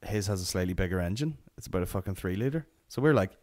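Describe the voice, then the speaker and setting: A man's voice: low-pitched, animated, fast, darkish tone. A young Northern Irish man hosting a solo comedy podcast, telling a rambling, sweary anecdote. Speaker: podcast host.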